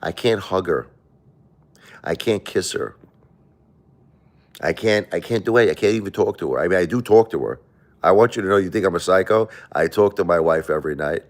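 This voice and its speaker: A middle-aged man with an extremely low, deep voice talks straight to his livestream viewers. He rambles and circles back, repeating phrases as he pours out a confessional monologue. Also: moderate pace, pauses often. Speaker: livestream host.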